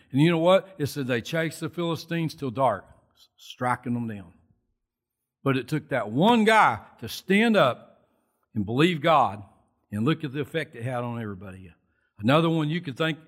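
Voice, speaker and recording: A man preaching a sermon at a church service, telling Bible stories in a folksy, animated way. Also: mid-range voice. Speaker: lay preacher.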